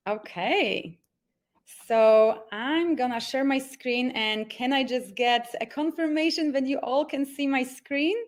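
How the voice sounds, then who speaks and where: Upbeat woman hosting an online class. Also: high voice. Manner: upbeat, encouraging, pauses with fillers. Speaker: mindset coach hosting a webinar. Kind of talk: live online masterclass presentation.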